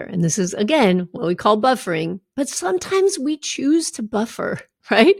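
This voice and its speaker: A woman's voice: medium pitch, expressive, unhurried, creaky, few pauses, a little mellow, no echo, studio quality. A middle-aged woman health coach talking candidly and conversationally, with asides to her listeners. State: recovering from a draining treatment. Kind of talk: casual personal talk to followers.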